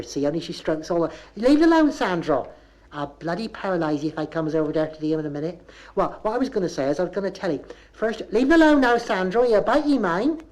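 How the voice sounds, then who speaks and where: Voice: medium pitch, a little mellow, close to an everyday voice. A comic performer voicing a rambling Bristol housewife and mum who keeps scolding her dog, on a 1970s comedy record.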